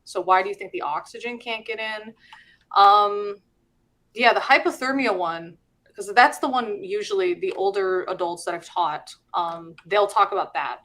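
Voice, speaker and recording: A middle-aged woman talks in a relaxed, chatty way as the host of a live stream. Her voice sits at a middle pitch, and she breaks into small laughs as she walks through her explanations. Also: normal speed. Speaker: host and teacher. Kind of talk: casual live-stream chat.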